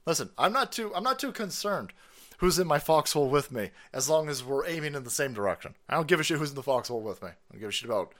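A man's voice: on the high side, animated, quick pace, fairly bright tone. A man hosting a live stream, ranting in a profane, sarcastic way and laughing often. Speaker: streamer host.

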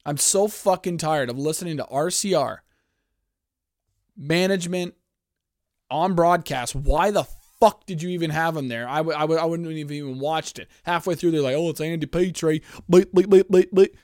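A fired-up man on a sports podcast, swearing freely and rambling from one gripe to the next. His voice sits a little high for a man, and the sound is close and dry with no room around it. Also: normal speed, no echo. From Canada. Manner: profane, heated, rambling. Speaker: podcast host. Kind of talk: casual sports podcast rant.

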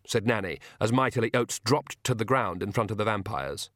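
A man narrating a comic fantasy audiobook in a measured, wry storytelling way. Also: lowish voice, expressive, fairly bright tone, no echo, clean studio sound. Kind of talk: scripted narration.

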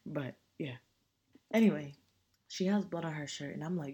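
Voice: mid-range voice, brisk, dark tone, slightly rough, dull audio. A young adult podcast host in their twenties, telling a personal story in a casual, earnest way, full of slang and profanity.

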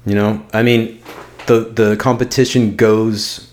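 A man co-hosting a podcast with a lowish voice, chatting casually and swearing freely. He breaks into animated bursts as he makes his points. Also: unhurried. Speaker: podcast co-host. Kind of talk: casual chat.

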